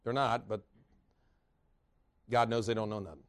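A male preacher giving a sermon in a church, telling folksy personal stories with animated delivery and bursts of laughter. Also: on the low side, moderate pace.

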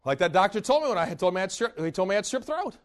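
In a church, a male preacher delivers a sermon full of folksy personal stories, animated and punctuated by bursts of laughter. He speaks in a high-pitched voice at a very fast clip.

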